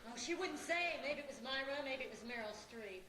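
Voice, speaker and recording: Lady playing a fed-up mom, fast and highish, echoey stage with a loud crowd. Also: expressive. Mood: exasperated. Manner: exasperated, quick. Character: exasperated mother at a chaotic party. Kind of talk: live stage acting. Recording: echoey stage recording with audience and noise.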